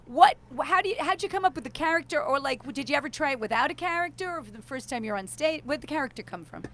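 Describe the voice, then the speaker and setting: A chatty woman co-hosting a podcast, quick to laugh and full of questions. Her voice is high and bright and swings widely in pitch. A faint hum runs behind her. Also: lively intonation. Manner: chatty, laughs easily, asks lots of questions. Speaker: podcast co-host. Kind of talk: casual podcast chat.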